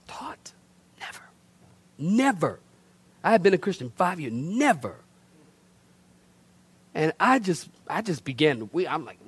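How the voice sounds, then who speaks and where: A middle-aged male pastor preaching a storytelling sermon, animated and colloquial, with laughing asides and repeated words. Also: sits high, breathy edge, dry recording. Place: church.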